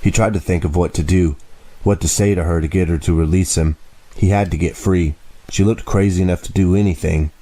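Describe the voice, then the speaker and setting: Deep, mellow man narrating an audiobook. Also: steady tone, fairly quick, low-quality recording.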